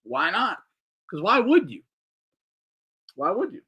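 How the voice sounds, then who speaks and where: A man's voice: high-pitched, slow, slightly rough. A man hosting a boxing talk show, giving casual, profane, mocking commentary and answering his chat. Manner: animated, swearing, mocking, reading chat aloud.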